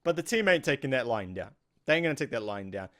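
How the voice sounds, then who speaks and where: A man's voice: mid-range voice, very animated, fast, a bit bright. A man with a New Zealand accent casually recapping a TV episode, rambling and acting out the characters' lines. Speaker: host.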